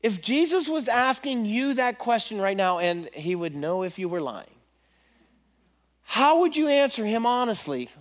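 A male preacher gives an animated, conversational sermon, repeating his questions to his listeners. His voice sits high and moves with lively swoops. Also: normal speed, hardly any pauses.

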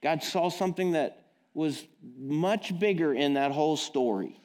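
A man's voice: a little high, unhurried, darkish tone. A man preaching a sermon in a casual, direct, plain-spoken way, often asking his listeners questions. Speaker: pastor. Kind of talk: conversational sermon.

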